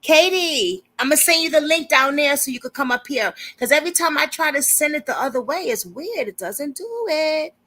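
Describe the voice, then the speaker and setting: A woman's voice: sits high, expressive, normal speed, few pauses, sharp tone, poor audio. A woman hosting a casual livestream, chatty and informal, laughing often as she talks. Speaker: livestream host.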